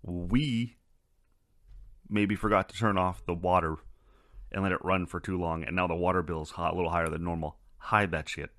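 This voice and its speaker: A man's voice: low voice, steady tone, moderate pace, a bit bright, no room sound, studio quality. A man hosting a casual solo podcast, talking in a loose, rambling and profane way. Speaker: podcast host.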